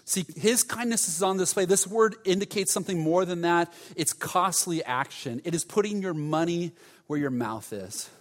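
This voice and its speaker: A man's voice: high-pitched, moderate pace, in a large hall. A male pastor preaching a sermon in an emphatic, conversational way, stressing key words by repeating them.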